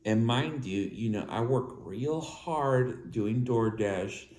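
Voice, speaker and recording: A man in his thirties talks slowly to his viewers in a low, mellow voice. He has a slight lisp and a halting way of speaking, often restarting his phrases. The sound is echoey, with faint ambience in the room behind him. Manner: halting, with restarts and filler words. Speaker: vlogger. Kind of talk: personal talk to viewers.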